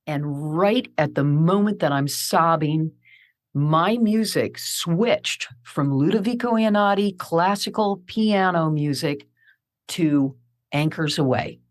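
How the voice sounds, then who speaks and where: Low-voiced woman telling a vivid story. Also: slow. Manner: vivid, animated storyteller who acts out her own quoted remarks. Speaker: podcast guest. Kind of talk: emotional personal storytelling.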